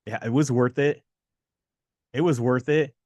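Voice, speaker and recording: Animated man telling stories, dry mic. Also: medium pitch, measured pace, dry recording. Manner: animated storytelling, acts out quotes, repeats for emphasis. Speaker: co-host of a test-prep show. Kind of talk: casual motivational talk.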